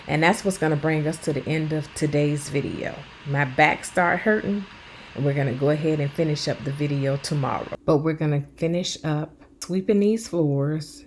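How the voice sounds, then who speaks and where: A woman's voice: sits low, slight background noise, low-quality recording. A woman in her fifties, a vlogger talking at home while she cleans, earnest and blunt in a plainspoken way. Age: 50s. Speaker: lifestyle vlogger. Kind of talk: casual talk while cleaning.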